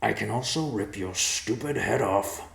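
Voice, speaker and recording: A man's voice: on the low side, sing-song, moderate pace, roomy sound, pitched above the performer's own voice. A man voicing a hot-tempered young male talking bear who speaks bluntly and impatiently. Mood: irritable.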